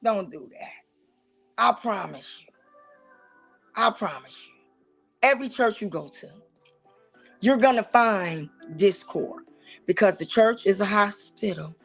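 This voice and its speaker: A woman with a Southern US accent hosting a casual talk show, talking straight to her viewers in an animated, preachy and teasing way. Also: mid-range voice, a little slow, creaky, pauses often, slightly rough, faint music behind. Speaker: host. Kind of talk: casual commentary on church life.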